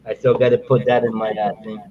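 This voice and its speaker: Brief: Australian husband chiming in off-mic, offhand and brief, muffled lo-fi sound. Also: male voice, fairly low pitch, flat delivery, fast. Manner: short offhand remarks from the side. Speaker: host's husband.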